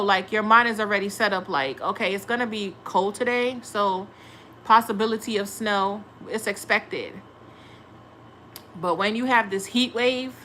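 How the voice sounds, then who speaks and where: A woman's voice: fairly high pitch, bright, forceful tone, slight background noise. A young woman hosting a tarot livestream, chatting casually and bluntly with viewers, cursing freely. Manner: blunt, profane, talks back to chat.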